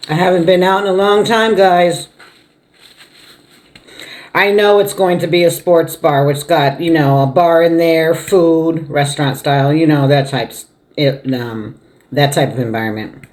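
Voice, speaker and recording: A middle-aged woman talks casually to her viewers while eating a meal at home. She chats in a relaxed, homey way, laughs often, and murmurs between mouthfuls. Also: deep voice, measured pace. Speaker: mukbang vlogger.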